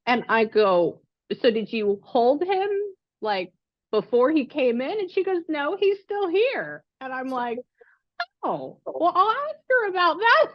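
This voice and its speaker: A woman working as a psychic medium, talking casually and excitedly over a call, rambling with lots of fillers. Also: high-pitched, a little slow, no echo, lo-fi sound.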